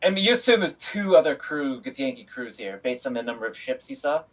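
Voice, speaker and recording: A man's voice: medium pitch, expressive, brisk, fairly bright tone. Male game master, casual and loose, cursing and chuckling through his narration. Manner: casual, laughing, swears freely. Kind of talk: narrating a tabletop game on a live stream.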